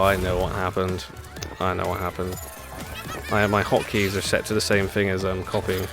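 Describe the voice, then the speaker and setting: A low-voiced man talks through his racing stream in a relaxed, rambling way, laughing at himself and answering chat. Clear game music plays underneath his voice throughout. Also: unhurried. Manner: chatty, self-deprecating, laughs often, reads chat aloud. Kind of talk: casual gameplay commentary.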